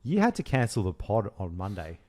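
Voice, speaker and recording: A young man co-hosting a podcast, chatting casually and bluntly, swearing freely and telling stories in an animated way while teasing his co-host. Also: fairly low pitch, fairly quick. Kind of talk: casual chat.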